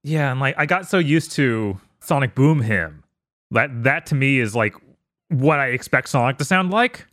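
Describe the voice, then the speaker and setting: A man's voice: medium pitch, lively intonation, moderate pace, a bit bright, no echo, clean studio sound. A man chatting casually about video games on a podcast, laid-back and amused. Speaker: podcast co-host. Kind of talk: casual gaming podcast chat.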